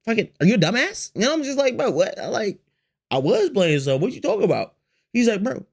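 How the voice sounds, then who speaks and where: Lively slangy male storyteller. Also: sits high, fast. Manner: slangy, profane, repeats phrases, acts out quotes. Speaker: storytime vlogger. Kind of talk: animated storytime to chat.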